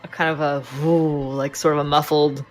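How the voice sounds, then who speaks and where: A woman's voice: deep voice, little pitch movement, fast. A woman narrating a tabletop game as game master, with lots of hesitant ums and uhs.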